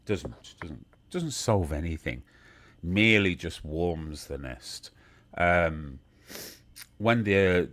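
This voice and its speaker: An older man chatting casually who often repeats his words as he searches for them, and laughs easily. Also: extremely low pitch. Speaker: guest. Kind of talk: casual chat.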